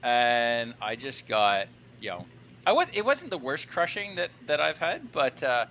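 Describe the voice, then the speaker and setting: A man's voice: mid-range voice, sing-song, a little slow, sharp tone, a little hiss or hum. A man co-hosting a podcast as a tinsmith, chatting in a giggly, self-deprecating way. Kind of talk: casual chat.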